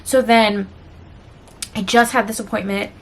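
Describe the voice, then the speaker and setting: A woman's voice: medium pitch, level tone, unhurried. A woman vlogger talking candidly and emotionally to her viewers in a rambling, confessional chat full of fillers. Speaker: book vlogger.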